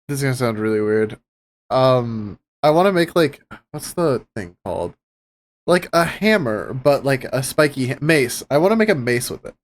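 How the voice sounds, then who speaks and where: Lively, animated man playing a tabletop game. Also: mid-range voice. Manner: lively, swearing, laughing easily. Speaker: player. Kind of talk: casual chat in a tabletop game.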